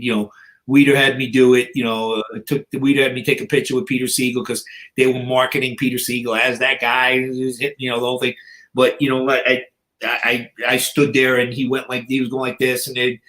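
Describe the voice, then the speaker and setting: His voice sits in the middle range with a fairly bright tone. A podcast guest in his sixties, he tells casual stories in a blunt, profane style, leaning on "you know" and voicing what other people said.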